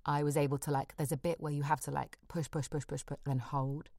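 A woman's voice: low voice, level tone, brisk, darkish tone, no room sound, studio quality. A woman telling a personal story frankly and with animation in casual chat, swearing freely.

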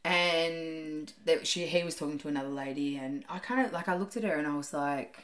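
A woman's voice: deep voice, a little fast. A woman in her thirties co-hosting a podcast, telling stories in casual chat with frequent laughs and swearing. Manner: chatty storyteller, laughs often, swears casually. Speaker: podcast co-host.

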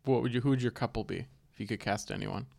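A man's voice: mid-range voice, fast, gravelly, darkish tone. A man in casual comedic podcast chat who laughs easily and plays along.

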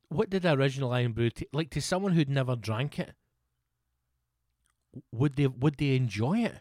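A man's voice: medium pitch, no room sound, clean studio sound. A Scottish man in his thirties, swearing freely and rambling through anecdotes in a casual podcast chat. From Scotland. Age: 30s. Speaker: podcast co-host.

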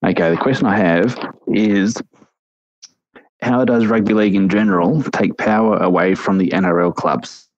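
A man's voice: on the low side, moderate pace, no room sound. Man with a New Zealand accent on a muffled line. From Canberra, Australia. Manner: dry, understated humour. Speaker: caller. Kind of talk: phoned-in podcast chat. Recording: muffled dry phone line.

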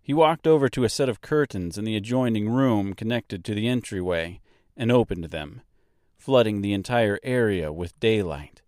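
A man narrating an audiobook novel in a measured, expressive manner on a close mic. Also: lowish voice, no room sound.

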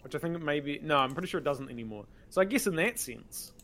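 A man's voice: fairly high pitch, fast, slight background noise. Laid-back New man, filler-heavy chat. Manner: relaxed, many "um" fillers, informal. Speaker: podcast host running a game show. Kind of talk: casual chat.

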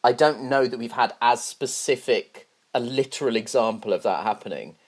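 A man's voice: medium pitch, moderate pace. A man hosting a podcast, narrating scripted links and interviewing a guest, wry and self-deprecating. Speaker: podcast host.

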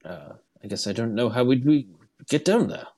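A man's voice: medium pitch, big pitch swings, moderate pace, darkish tone. A man playing in a tabletop game, talking casually and stammering when he is unsure. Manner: hesitant, stammering. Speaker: player.

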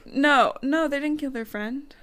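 A woman's voice: sits high, a little slow, fairly bright tone. A woman co-hosting a podcast, recapping a book in casual chat with blunt, sarcastic asides. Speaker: podcast co-host.

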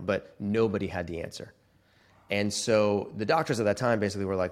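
A man in his forties with a lowish voice tells a long personal story as an interview guest. He is animated and slips into the voices of the people he quotes. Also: fairly quick. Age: 40s.

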